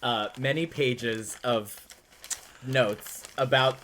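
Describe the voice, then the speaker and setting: A man's voice: medium pitch, drawn-out words, fairly bright tone, slight background noise. A man co-hosting a casual podcast, explaining lore with frequent laughs and fillers. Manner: giggly, storytelling, lots of fillers.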